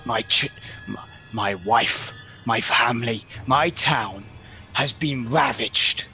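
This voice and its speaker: A man's voice: mid-range voice, slow pace, gravelly, pushed and bright, heavily acted. A man voicing a desperate, grieving father who commands and pleads during a tabletop role-play game. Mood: pleading. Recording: faint background music.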